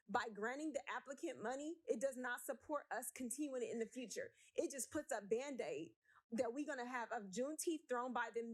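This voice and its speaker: A woman speaking at a city council meeting, emotional, blunt and emphatic as she argues her point. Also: high-pitched. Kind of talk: impassioned council meeting speech.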